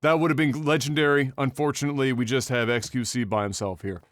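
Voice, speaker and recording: Male podcast host, lively swearing banter, dry studio sound. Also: mid-range voice, fast, no echo. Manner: animated, swears freely, breaks into shouted bits. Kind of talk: casual podcast chat.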